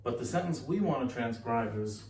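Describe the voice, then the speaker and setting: A man giving a relaxed, chatty recorded lesson, often pausing and correcting himself. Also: medium pitch. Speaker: teacher. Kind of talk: casual recorded lecture. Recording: echoey room, distant mic, faint hiss.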